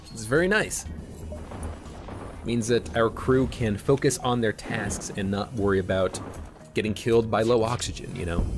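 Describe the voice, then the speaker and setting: A man with a low, easy voice talks through his moves as he plays, in a relaxed, thinking-out-loud way. Game music plays clearly behind him. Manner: casual, thinking aloud while playing. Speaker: gameplay commentator. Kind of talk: let's play commentary.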